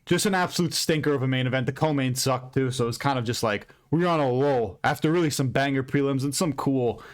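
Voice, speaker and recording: A man hosting an MMA recap channel, ranting loudly and profanely in an unscripted, rambling way. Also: mid-range voice. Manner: loud, profane, heated and emphatic; rambling with frequent restarts and fillers. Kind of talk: unscripted fight recap rant.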